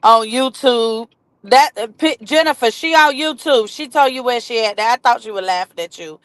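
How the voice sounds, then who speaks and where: A woman's voice: a little high, moderate pace, fairly bright tone, no room sound. A middle-aged woman, hosting a casual livestream, chatting and greeting viewers by name. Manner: chatty, reads and greets viewer comments aloud. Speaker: livestream host.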